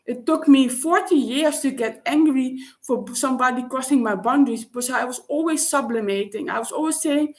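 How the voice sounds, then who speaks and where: Halting woman, slightly high. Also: darkish tone. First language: Dutch. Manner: halting, searching for words with frequent restarts. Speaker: vlogger. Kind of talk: personal reflective monologue.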